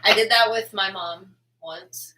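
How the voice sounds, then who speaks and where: A woman's voice: medium pitch, unhurried, heavy background noise. A woman with a Southern American accent, co-hosting a casual chat and joking bluntly. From Florida. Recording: off-mic, distant.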